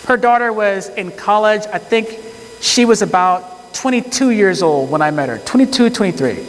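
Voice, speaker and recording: A man telling a courtroom story to an audience in a conversational way, acting out the dialogue. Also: high-pitched. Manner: conversational, quotes people in dialogue. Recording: long hall reverb.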